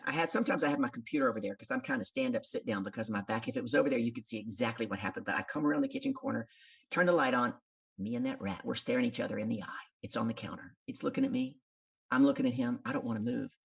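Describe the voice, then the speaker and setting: A woman, a business coach and podcast guest, telling a story in an animated way and acting out the voices of the people in it. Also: very deep voice, vocal fry, breathy edge, distant mic.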